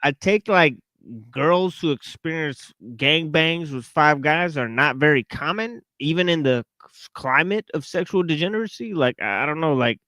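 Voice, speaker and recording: A man's voice: a little high, animated, moderate pace, bright, forceful tone, dry recording. Man, podcast host, hesitant, lots of fillers, incredulous, dry close sound. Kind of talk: casual chat.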